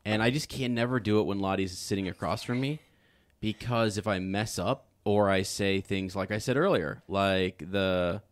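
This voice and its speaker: A man's voice: lowish voice, moderate pace, dry recording. A man co-hosting a podcast, chatting casually about a book and rambling with many fillers and restarts. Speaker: podcast co-host.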